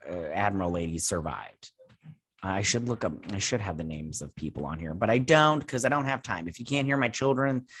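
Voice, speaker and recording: A man's voice: on the low side, a bit bright, no echo. A man hosting a casual episode recap from home, rambling and sarcastic, leaning on "and everything" and swearing in asides. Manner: rambling, says "and everything" and "he's like" a lot. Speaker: host reviewing a TV episode. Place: home with children playing nearby.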